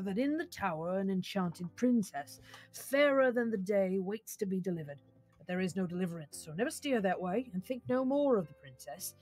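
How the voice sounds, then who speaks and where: A woman's voice: mid-range voice, a little mellow, close to an everyday voice. A woman voicing a cautious old male ship's skipper, putting on a sailor's accent.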